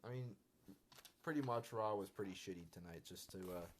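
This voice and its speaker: A man's voice: deep voice, fairly quick, a little hiss or hum. Profane, irritated man ranting live. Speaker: wrestling commentary vlogger. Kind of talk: casual live-stream rant.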